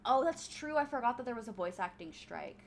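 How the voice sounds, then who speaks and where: A woman's voice: on the high side, animated, a little fast, creaky, a little hiss or hum. A woman streamer chatting casually with her viewers while she plays, rambling with many fillers as she answers chat. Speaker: streamer and actor.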